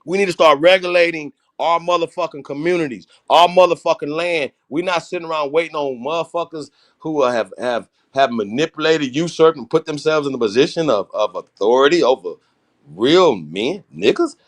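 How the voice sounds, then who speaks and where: Here a male livestream host talks politics in a fairly high voice at a moderate pace. He's blunt, forceful, and swears heavily.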